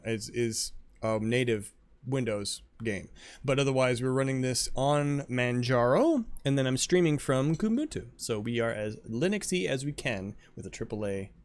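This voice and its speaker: A man chatting casually with viewers while streaming a game, answering chat as he plays. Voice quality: lively, animated pitch.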